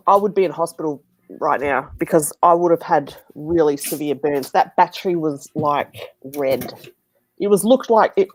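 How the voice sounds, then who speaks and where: An Australian woman co-hosting a casual live stream, chatty and quick to laugh, with stuffed-up sinuses. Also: lowish voice.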